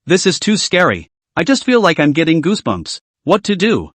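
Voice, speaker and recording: A man's voice: a little high, wildly swooping pitch, moderate pace, dry recording. A man voicing a frightened young man who talks in a panicky, fretful way. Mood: panicked.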